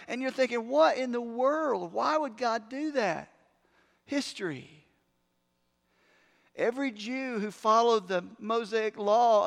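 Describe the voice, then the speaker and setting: A man preaching a sermon as pastor, talking conversationally and punching certain words loudly for emphasis. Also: high voice. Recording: long hall reverb.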